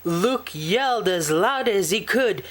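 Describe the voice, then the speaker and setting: A woman with a mid-range voice reads a children's picture book aloud as a storybook reader, in a slow and expressive storytelling manner.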